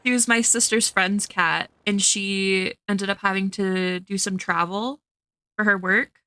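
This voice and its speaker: A woman's voice: medium pitch, steady tone, slow, sharp tone, clear, resonant tone, dry recording. A young woman streaming a cozy game, chatting casually, reading chat aloud and gushing over cute characters. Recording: dry close sound with faint game music.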